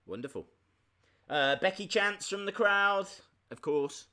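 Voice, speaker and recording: A man giving casual live reactions as a streamer, chatty with excitable, jokey asides. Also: sits high, unhurried, smooth.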